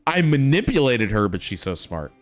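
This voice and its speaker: Animated man telling stories, dry mic. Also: mid-range voice, normal speed, dry recording, soft background music. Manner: animated storytelling, swearing. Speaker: streamer; father. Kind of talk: casual chat.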